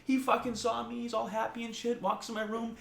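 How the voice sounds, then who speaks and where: A man co-hosting a podcast in casual chat, telling stories in a lively way and swearing freely. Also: very high voice, a little fast, gravelly. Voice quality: swears a lot, animated storytelling. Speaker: podcast co-host. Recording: echoey room, faint noise.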